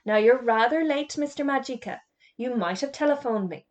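A woman reading aloud, voicing a brisk, fussy male schoolmaster who snaps and gets easily rattled. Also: high voice, pitched above the performer's own voice, close to an everyday voice. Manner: snappish, then faint and flustered.

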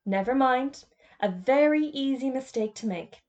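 A woman's voice: high voice, expressive, measured pace, darkish tone, muffled recording, voice pushed up. Woman doing a cheery, courteous magician. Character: cheery polite male magician, sly and courteous.

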